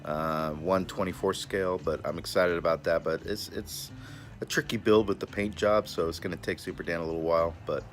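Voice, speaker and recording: Very deep-voiced, laid-back man. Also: steady tone, a little fast, soft background music. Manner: refers to himself in the third person, laid-back and chatty. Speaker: cigar reviewer and vlogger. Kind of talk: casual vlog talk. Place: backyard, outdoors.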